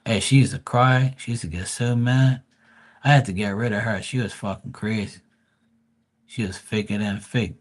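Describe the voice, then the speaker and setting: A man's voice: on the low side, fairly even intonation, moderate pace. Profane man ranting casually. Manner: crude, profane and mocking, with stammered restarts. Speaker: vlogger. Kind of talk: casual storytelling rant.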